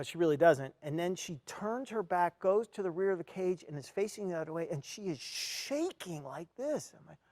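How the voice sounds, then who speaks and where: Earnest male speaker, slightly high voice, heartfelt storytelling, close dry sound. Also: no room sound. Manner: earnest storyteller, acts out his own reactions. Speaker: speaker at an education event. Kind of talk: motivational talk with personal story.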